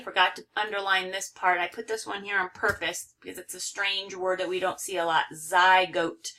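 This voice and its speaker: A woman's voice: lowish voice, fairly even intonation, normal speed, hardly any pauses, sharp tone. A woman teaching a recorded phonics lesson, carefully overpronouncing example words.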